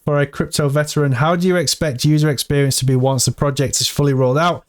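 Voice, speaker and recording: A man giving casual, excitable commentary to his viewers while reading through a crypto AMA. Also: on the high side, fast. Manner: excitable, hyped, talks to viewers as "team". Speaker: crypto vlogger.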